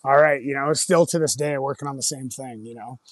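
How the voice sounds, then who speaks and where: A man's voice: mid-range voice, fairly quick, dry recording, clean studio sound. A middle-aged man, a former hockey player, telling road-trip stories in a rambling, casual way, full of "like" and "you know", swearing and then apologizing. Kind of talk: casual storytelling.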